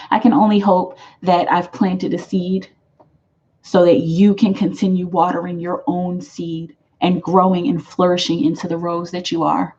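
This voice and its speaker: A woman's voice: fairly low pitch, mellow, lo-fi sound. A woman giving a live tarot reading to her viewers, emphatic and affectionate, repeating her phrases for weight. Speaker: tarot reader.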